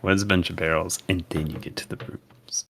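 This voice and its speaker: Low gravelly joking man. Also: steady tone, fairly quick, fairly bright tone, slight background noise. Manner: joking and teasing, swears casually. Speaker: player. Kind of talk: casual chat during an online game.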